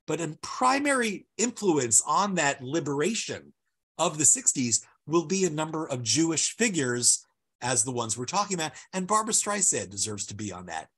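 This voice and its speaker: A man's voice: a little high, sing-song, normal speed, fairly bright tone, husky. A man giving an illustrated lecture over slides, talking in a discursive, emphatic way and stressing key words.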